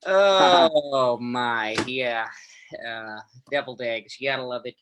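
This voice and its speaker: A man doing a stand-up comedy set, halting and self-amused, with many restarts. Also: medium pitch, background noise.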